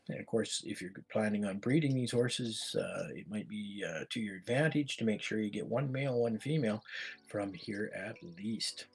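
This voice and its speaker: A Canadian man calls out bids in a relaxed, chatty auctioneer style, repeating the price again and again. His voice sits low and has a gravelly rasp. Soft music plays faintly behind him. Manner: chatty, repetitive bid calling. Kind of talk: live virtual-world auction calling.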